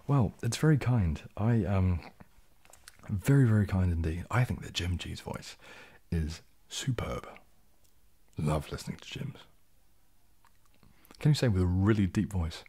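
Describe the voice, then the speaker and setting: A man from New Zealand with a deep, husky, warm voice streams ASMR, reading viewer comments aloud and answering them in a low, laid-back way. The soft-spoken, casual livestream chat is animated and at normal speed.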